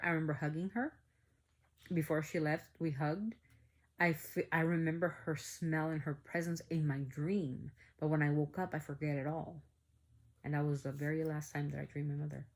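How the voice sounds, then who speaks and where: Brief: woman vlogger with a low voice, chatty animated storyteller, lots of fillers. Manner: animated, acts out quoted dialogue, many "like" fillers. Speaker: family vlogger telling a story. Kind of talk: casual storytelling to viewers.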